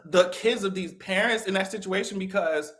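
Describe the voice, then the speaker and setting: Speaking a little slowly at medium pitch, a live-stream commentator chats casually. The delivery is animated and profane, with frequent laughter.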